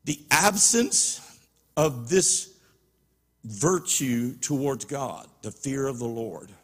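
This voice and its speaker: A man's voice: mid-range voice, lively intonation, slow pace, breathy edge. A man preaching a sermon, telling a personal story in a conversational way and often checking in with his listeners. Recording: long hall reverb.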